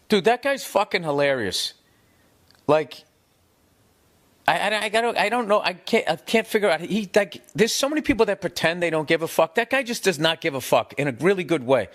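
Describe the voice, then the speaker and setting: Man, fifties, casual profane rant, rambling, animated, slightly high voice. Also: normal speed. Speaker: comedian. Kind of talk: casual podcast-style rant.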